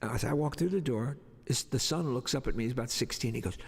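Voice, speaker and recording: Gravelly man telling a rambling story. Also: mid-range voice, fast, in a large hall. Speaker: singer-songwriter. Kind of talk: livestream storytelling.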